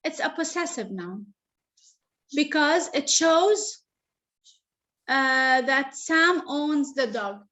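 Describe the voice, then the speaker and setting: A woman with a teaching an online grammar lesson over a video call, slow and patient, repeating explanations. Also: high-pitched, lively intonation, pushed and bright. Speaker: English teacher.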